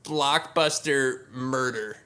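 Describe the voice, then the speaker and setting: A man co-hosting a podcast in casual chat, excitable and laughing often while he quotes movie lines. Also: mid-range voice, slow pace. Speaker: podcast co-host.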